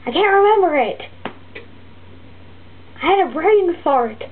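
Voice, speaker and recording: A woman voicing a fussy, griping turtle puppet teacher, rambling and halting with many restarts. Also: on the high side, natural voice. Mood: grumbling. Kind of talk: comic puppet vlog monologue. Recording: tinny lo-fi phone-like audio with faint hiss.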